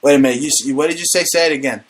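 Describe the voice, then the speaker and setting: A man's voice: mid-range voice, very fast. A man hosting a casual comedic talk show, brash and profane, joking as he rants. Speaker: podcast host.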